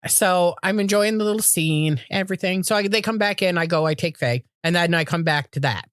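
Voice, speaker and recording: A woman's voice: on the low side, fairly quick, dry recording, clean studio sound. Swearing, rambling woman podcast co-host. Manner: rambling storyteller, swears freely, acts out voices. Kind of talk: casual chat.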